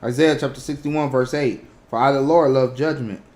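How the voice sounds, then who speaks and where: Steady man reading scripture aloud. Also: medium pitch, moderate pace, roomy sound. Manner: reads verses steadily. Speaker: scripture reader.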